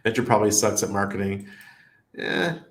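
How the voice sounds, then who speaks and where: A middle-aged man hosting a casual crypto livestream, reading viewer comments and rambling through anecdotes with frequent laughs. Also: on the low side. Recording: roomy echo.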